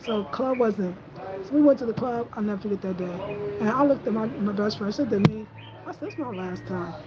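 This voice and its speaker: A woman, telling stories in a casual, animated, slangy way and acting out quotes in a higher voice. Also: brisk, noisy background. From Brooklyn, New York. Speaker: host. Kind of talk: casual storytelling chat.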